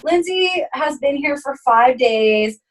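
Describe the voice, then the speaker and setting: A young woman telling a story to her friends, fairly high-pitched and recorded a little away from the mic. She swears freely and acts out what everyone said, jumping way up in pitch at the wild moments. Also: takes it slowly, recorded from a distance, low-quality recording. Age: young adult. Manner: animated, swearing, acts out quotes with big pitch jumps. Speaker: podcast co-host. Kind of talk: casual storytelling chat.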